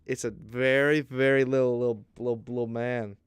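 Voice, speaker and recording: A young man co-hosting a podcast, telling an animated, profane story in casual chat and laughing along as he goes. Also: medium pitch, normal speed, smooth. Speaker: podcast co-host.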